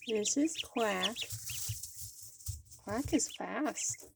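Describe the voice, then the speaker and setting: Woman vlogger, slow gravelly baby talk to her ducks, drops to whispers, noisy recording. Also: medium pitch. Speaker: duck keeper filming her pets. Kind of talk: casual vlog talking to pet ducks. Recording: noisy home video with bird sounds. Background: chirping ducks and poultry.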